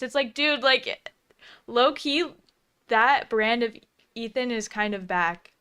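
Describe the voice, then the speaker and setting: A young woman co-hosting a commentary stream, chatty and quick to laugh, often trailing off mid-thought. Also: on the high side, bright, forceful tone, clean tone. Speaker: co-host. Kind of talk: casual commentary chat.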